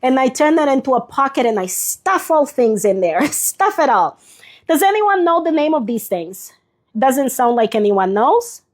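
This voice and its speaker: A woman's voice: sits high, sing-song, normal speed. A woman hosting a live journaling stream, chatting casually as she shows her pages and answers viewers by name, a little sniffly. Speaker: journaling livestream host. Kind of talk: casual live craft demonstration.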